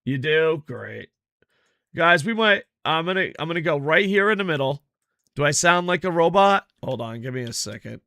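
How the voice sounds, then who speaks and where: Bright, profane streamer man. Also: fairly high pitch, normal speed, gravelly, no echo, clean studio sound. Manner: profane, excitable, grumbles at his stream tech. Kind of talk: casual gameplay chat.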